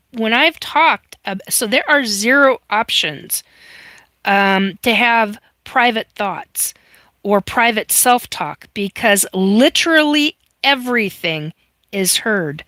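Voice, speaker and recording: A woman hosts a live stream and speaks slowly, taking her time. Her voice is bright and forward, and the sound is close and dry. She tells her story earnestly and emphatically and keeps restarting her sentences. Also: medium pitch, dry recording. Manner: occasional mild swearing. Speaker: host. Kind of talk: casual live-stream chat.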